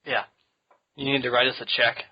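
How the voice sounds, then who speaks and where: A man's voice: mid-range voice, flat delivery, brisk, husky, lo-fi sound. A man hosting a casual podcast, joking and rambling with frequent restarts. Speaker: podcast host.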